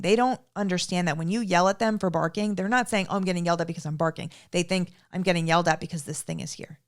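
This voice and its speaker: A young woman with a slightly low voice explains dog training in an emphatic, instructional way. She keeps checking in with her listeners by asking "okay?", like a coach talking to camera.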